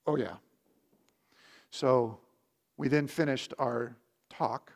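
A man preaching, telling a childhood story in a lively storytelling manner with big swings in loudness. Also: medium pitch, takes it slowly, creaky, long pauses. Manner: animated storytelling with lively shifts in volume. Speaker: pastor. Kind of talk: sermon storytelling.

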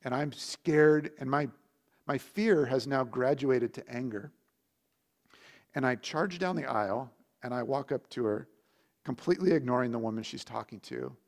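A man preaching, telling a childhood story in a lively storytelling manner with big swings in loudness. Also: medium pitch, normal speed, creaky. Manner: animated storytelling with lively shifts in volume. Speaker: pastor. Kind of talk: sermon storytelling.

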